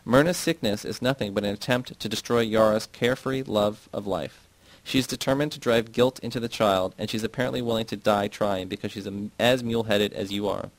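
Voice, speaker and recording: A man voicing a stern, commanding male friend in a read-aloud novel, speaking in a raised, forceful way. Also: lowish voice, fairly even intonation, fairly quick, no echo, lightly acted, low-quality recording.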